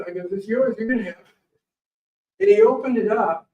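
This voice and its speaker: Animated man telling stories in a roomy hall. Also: very high-pitched, a little fast. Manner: rambling, animated, anecdotal. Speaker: guest speaker, morel hunting champion. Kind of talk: casual storytelling talk to an audience. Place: library meeting room. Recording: roomy, distant, dull room recording.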